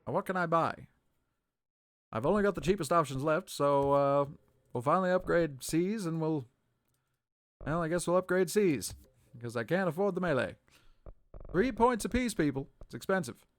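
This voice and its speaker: A man's voice: fairly high pitch, animated, normal speed, long pauses, no room sound, clean studio sound. A man streaming a video game live, making playful, sarcastic commentary and talking back to the characters.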